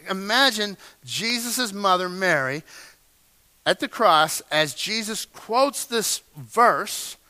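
A male pastor preaching with emphatic delivery, dropping to a hush and then rising again. His voice sits a little high and has a bright, forceful edge. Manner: emphatic preaching, swinging from hushed to loud. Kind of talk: sermon.

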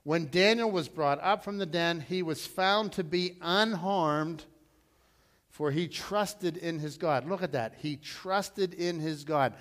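A middle-aged male pastor preaching a storytelling sermon, repeating himself and swelling loud when he quotes scripture. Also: on the high side, slow.

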